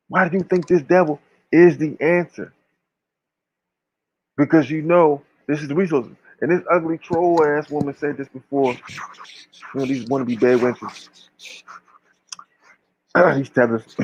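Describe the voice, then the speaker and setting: A man with a slightly high voice talks casually yet with fiery, preachy emphasis, swearing freely and using slang. The audio sounds dull.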